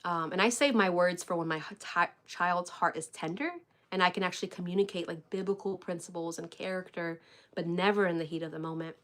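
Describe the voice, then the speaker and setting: A woman's voice: lowish voice, fairly even intonation, fairly quick, a bit bright. A young adult woman coaching parents in a casual livestream chat, talking loosely with many "like"s and "y'all"s. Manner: chatty, filler-heavy, says "y'all" and "like" often. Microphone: live stream webcam.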